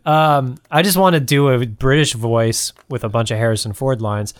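A man's voice: mid-range voice, normal speed. A man co-hosting a podcast brainstorm, who laughs often and leaves sentences unfinished. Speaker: podcast co-host. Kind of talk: casual brainstorming chat.

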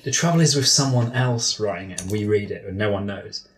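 A man's voice: fairly low pitch, fairly quick. A man co-hosting a podcast, making dry jokes in casual chat. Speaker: podcast co-host, script writer.

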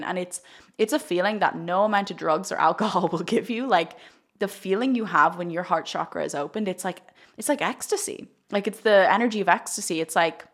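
A young woman talks as a spiritual coach on a casual live stream. Her voice sits at a middling pitch, and she speaks in an effusive, rambling way with lots of fillers. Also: a bit bright. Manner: chatty and effusive, heavy use of "like", frequent laughter. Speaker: spiritual coach and card reader.

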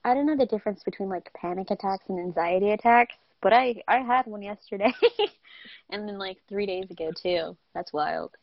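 A woman's voice: medium pitch, normal speed, dry recording. A young woman co-hosting a podcast in casual chat, candid and self-mocking, often laughing. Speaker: podcast co-host. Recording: dry, dull lo-fi sound.

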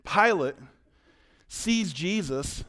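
A male pastor preaching a sermon, animated, acting out voices and swinging between loud and quiet. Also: sits high, drawn-out words.

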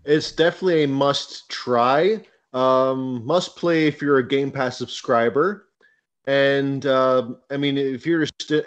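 A man speaking casually as a guest on a gaming podcast, measured with fillers and hesitations. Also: mid-range voice, highs cut off. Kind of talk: casual chat.

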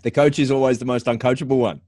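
A man hosting a podcast, upbeat and lively as he reads the intro and chats with his guest. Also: medium pitch, fast, dry recording. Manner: upbeat, lively, promo-style. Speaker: podcast host.

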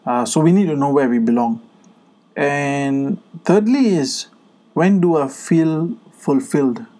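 A man's voice: fairly high pitch, measured pace, warm tone. A man co-hosting a podcast in casual chat, speaking earnestly with many fillers and restarts. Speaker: podcast co-host.

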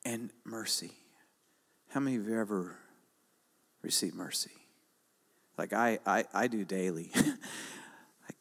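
An older man preaching a sermon, urging his congregation with repeated exhortations that build to loud, emphatic calls. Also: lowish voice, normal speed, long pauses, long reverb tail. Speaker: pastor.

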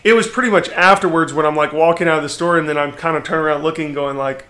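A man in his thirties, a podcast guest, telling a story in a candid, lively conversational way. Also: on the high side, fast talker. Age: 30s.

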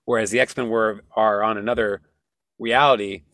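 A man in casual podcast chat, explaining and riffing in an animated, profane way. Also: lowish voice, normal speed, no room sound, studio quality.

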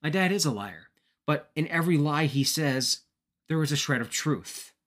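A man impersonating a sly, measured young male wrestling executive. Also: a little high, lively intonation, fairly bright tone.

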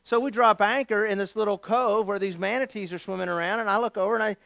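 A male pastor preaches with an animated, joking storytelling style. His voice sits high for a man and rings smooth and resonant. The sound is dry and close, with no room echo. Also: fast. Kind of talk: sermon with humorous storytelling.

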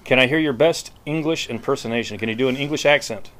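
A man's voice: medium pitch, fairly bright tone. A man from the United States, a podcast correspondent, playfully questioning strangers outdoors on a street. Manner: playful, mock-grand, quick to laugh. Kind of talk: casual street interviews.

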